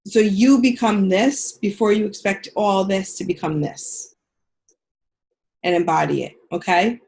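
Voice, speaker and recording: A woman's voice: mid-range voice, a little slow, vocal fry, a little mellow. A woman coaching a caller on a video call, talking in a direct, frank way and swearing casually. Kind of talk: coaching session on a group call.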